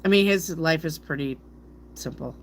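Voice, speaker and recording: Speaking at a normal pace in a low voice, with a little hiss or hum in the audio, a middle-aged tarot reader rambles casually to her viewers. She stumbles playfully over difficult words and laughs at her own slips.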